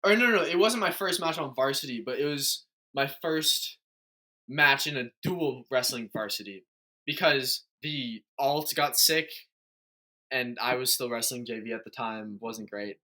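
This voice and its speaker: A man's voice: medium pitch, measured pace, sharp tone. A young man chatting casually as a podcast host, telling a long story with many fillers and restarts. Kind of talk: casual chat.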